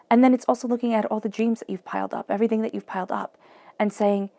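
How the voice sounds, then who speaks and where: A woman's voice: mid-range voice, fairly even intonation, fast, creaky, dark tone, no room sound. A woman giving a flowing, encouraging tarot reading, often acting out quoted self-talk. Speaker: tarot reader.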